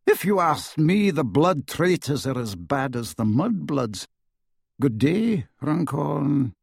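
A pompous older male minister, zealous and clipped, voiced by a male reader. His voice rides higher than the narrator's own, with a slightly husky edge. The audiobook is recorded close and dry. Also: big pitch swings, slow pace, darkish tone, dry recording, full character voice.

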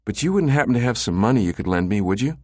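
A man's voice: lowish voice, animated, quick pace, darkish tone, no room sound, studio quality, voice pushed up. A man voicing a teenage girl who pleads in a wheedling way. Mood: pleading.

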